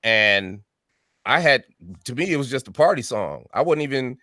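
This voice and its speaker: A man's voice: mid-range voice, moderate pace, no room sound, studio quality. A man in his fifties telling his story as an interview guest, acting out quoted voices and often adding "right?". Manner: animated storyteller who acts out quoted voices; frequent tag question "right?". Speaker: music artist guest.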